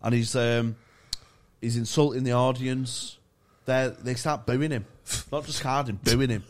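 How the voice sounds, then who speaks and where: A man's voice: mid-range voice, fairly even intonation, a little slow. A male stand-up comedian, swearing freely as he tells a story in casual podcast chat.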